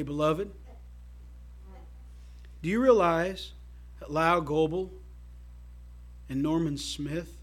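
A man preaching a sermon to his church in a folksy, emphatic way, swinging between loud calls to the congregation and quiet asides. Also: fairly high pitch, slightly rough. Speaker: pastor.

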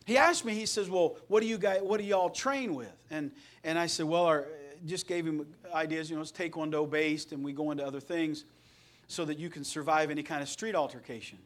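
A man's voice: a little high, fairly quick. A middle-aged man from Indiana preaching a sermon as pastor, telling folksy stories with jokes along the way. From Indiana, USA. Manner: folksy, storytelling, joking.

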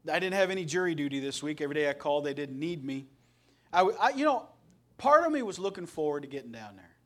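High-voiced folksy preacher from Indiana. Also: male voice, a bit bright. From Indiana, USA. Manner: folksy, storytelling, joking. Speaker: pastor. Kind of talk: sermon.

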